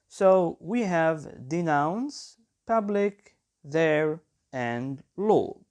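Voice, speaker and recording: A man's voice: on the high side, expressive, drawn-out words, darkish tone, clean tone. A man from Algeria, an English teacher going through the answers of an exam step by step and speaking directly to his students. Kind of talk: exam correction lesson.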